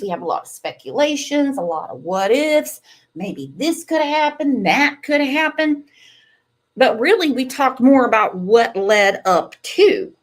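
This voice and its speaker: A woman hosts a true-crime show, speaking in a slightly high voice. Her delivery is slow and measured, and her pitch moves up and down a lot as she comments and dwells on sympathetic remarks. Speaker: host of a true-crime channel.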